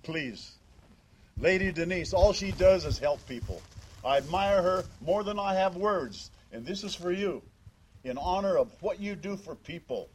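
A man's voice: a little high, darkish tone. An older man speaking as a father at a memorial service, emphatic and fond of rhetorical questions. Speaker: father giving a eulogy. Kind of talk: memorial speech.

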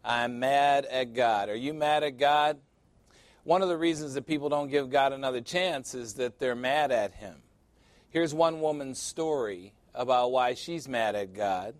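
An earnest male pastor teaches a short recorded Bible lesson and speaks straight to the viewer. His voice sits at an ordinary middle pitch. The sound is dry and close, with no room echo. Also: moderate pace. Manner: earnest, direct address to the viewer.

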